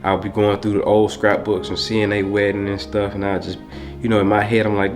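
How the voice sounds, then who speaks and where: A young man talks straight to the camera, heartfelt and a little rambling. His voice sits on the low side, and faint music plays underneath. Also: little pitch movement, fairly quick. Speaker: vlogger. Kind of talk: casual talk to camera.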